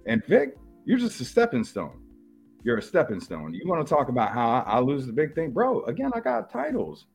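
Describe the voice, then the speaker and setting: A man's voice: mid-range voice, wildly swooping pitch, moderate pace, gravelly, breathy edge, faint music behind. A man giving a brash, streetwise wrestling rebuttal, boasting about his titles. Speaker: podcast co-host, wrestler responding.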